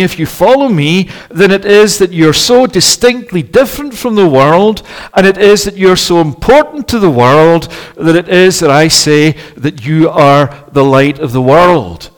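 A man delivers a sermon from the pulpit in a somewhat high voice. He speaks in an earnest, measured way, often pausing on "eh" between phrases. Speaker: preacher.

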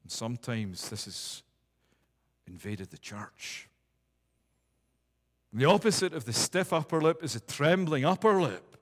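A man's voice: a little high, sing-song, a little slow, long pauses. A man preaching a sermon, emphatic and building repeated declarations with rising force. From United Kingdom. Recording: long hall reverb.

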